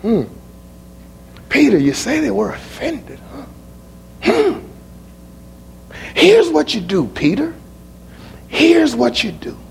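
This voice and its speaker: A preacher voicing Jesus as an unhurried, dismissive man with a gravelly, low-pitched voice. He muses slowly and stays calm. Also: a little hiss or hum, full character voice. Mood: calm musing. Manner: slow, musing, dismissive.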